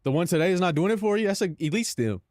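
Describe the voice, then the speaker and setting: A man's voice: high-pitched, expressive, fast talker, darkish tone, no echo, studio quality. A man live streaming in casual chat, talking in slang, calling his viewers "bro" and laughing between lines.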